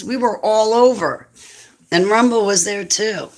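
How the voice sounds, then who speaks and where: A woman's voice: mid-range voice, drawn-out words, long pauses. A woman hosting a livestream, talking casually and bluntly to her viewers, rambling from topic to topic and chuckling often. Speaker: livestream host.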